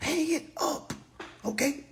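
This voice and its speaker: A man's voice: very high voice, slow pace. A man ranting to viewers on a live stream, preachy and profane, firing off rhetorical questions. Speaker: online personal finance commentator.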